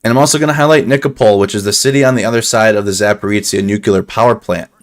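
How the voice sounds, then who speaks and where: A man's voice: lowish voice, fast. A man giving casual live commentary on war news over a map, thinking aloud with restarts and a slightly dry throat.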